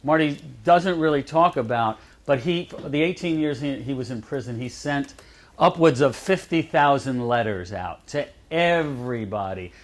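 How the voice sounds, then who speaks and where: A man's voice: mid-range voice, moderate pace. A man telling anecdotes to a lecture audience in a chatty way, laughing at his own lines. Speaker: advocate speaking at a college lecture. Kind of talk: storytelling talk to an audience. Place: lecture room.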